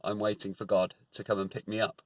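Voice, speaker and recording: A man voicing a stubborn, faithful man in a parable, speaking low, soft and calm. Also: a little fast, no room sound, natural voice.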